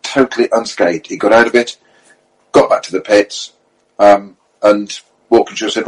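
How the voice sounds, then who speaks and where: A middle-aged man, a racing driver and co-host, telling lively anecdotes in casual chat and quoting others as he goes. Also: lowish voice, normal speed, breathy edge, rough recording. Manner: lively storyteller, quotes others, self-corrects.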